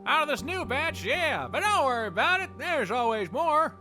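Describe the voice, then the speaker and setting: A man voicing a manic, boyish male dog who guides miners, squeaky and excitable. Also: normal speed, music in the background. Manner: excitable, shouty, pushy.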